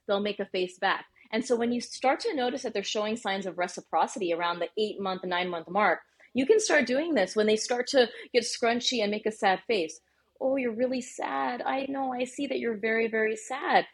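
Husky-voiced woman pediatrician explaining. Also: medium pitch. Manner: animated, explanatory, uses many fillers like "you know" and "right?". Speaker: pediatrician and parenting coach guest. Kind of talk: interview conversation.

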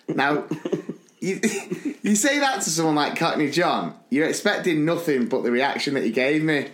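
Guy co-hosting a podcast, fairly high voice, acts out everyone in his stories, roomy echo. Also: big pitch swings, normal speed, a bit bright. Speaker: podcast co-host. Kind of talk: casual storytelling chat.

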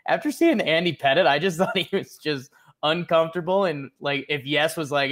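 A man's voice: a little high, expressive, moderate pace, fairly bright tone. A young man co-hosting a casual sports podcast, rambling and joking with frequent laughs. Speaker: podcast co-host.

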